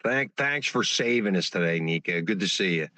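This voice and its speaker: Man, co-host, friendly, laughing, lowish voice, dry sound. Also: animated, normal speed, bright, forceful tone, no echo. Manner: friendly, laughing, calls on speakers. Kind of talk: casual chat.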